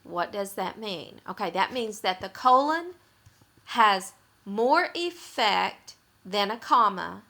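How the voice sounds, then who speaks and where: A woman's voice: medium pitch, expressive, takes it slowly, creaky, sharp tone. A woman teaching writing rules, explaining grammar patiently and repeating her points for emphasis.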